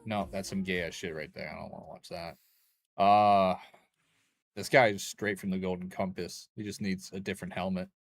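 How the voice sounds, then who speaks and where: Low-voiced, rambling young man streaming. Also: fairly even intonation, moderate pace, gravelly, faint music behind. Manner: rambling, joking, crude. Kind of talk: casual gaming stream chat.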